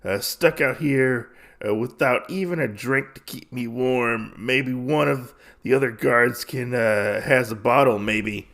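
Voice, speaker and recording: Man doing a whiny, bored guard, gravelly. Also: mid-range voice, a little slow, a bit bright. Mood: grumbling. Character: grumbling male guard, bored, wanting a drink.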